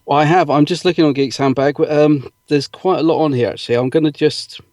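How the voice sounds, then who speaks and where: A man's voice: a little high, fairly even intonation, brisk, darkish tone, no room sound, clean studio sound. A man co-hosting a podcast in a casual chat, reading out listener comments with frequent ums and little laughs. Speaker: podcast co-host.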